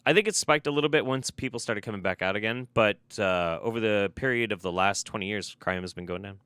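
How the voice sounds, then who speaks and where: A man rants through a reaction commentary, profane and exasperated, often repeating short phrases for emphasis. His voice is smooth and clear. The sound is dry and close, with no room around it. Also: on the low side, quick pace, a bit bright, dry recording. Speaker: commentary video host.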